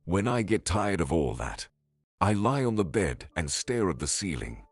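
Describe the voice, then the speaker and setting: A man's voice: sits low, big pitch swings, moderate pace, breathy edge, no room sound, full character voice. A man reading the lines of a sulky, sarcastic teenage boy in a storybook narration, in a grumbling, curt manner. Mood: grumpy.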